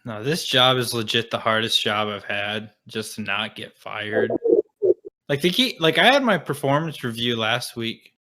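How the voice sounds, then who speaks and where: A man's voice: medium pitch, expressive, unhurried, sharp tone. A young man co-hosting a podcast, talking bluntly with profane wisecracks. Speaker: podcast co-host. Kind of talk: casual chat.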